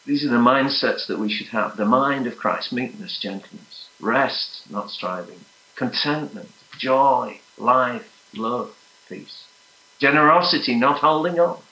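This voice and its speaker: A man preaching a sermon, earnest and emphatic, sometimes dropping to soft, hushed prayer. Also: medium pitch, a little slow, echoey room, low-quality recording.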